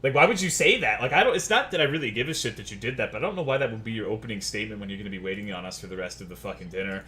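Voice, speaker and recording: Male streamer, sarcastic and swearing through a rant, bright voice that swings up and down. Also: on the low side, expressive, racing, hardly any pauses, slight background noise. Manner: profane, exasperated, sarcastic. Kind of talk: casual storytelling rant.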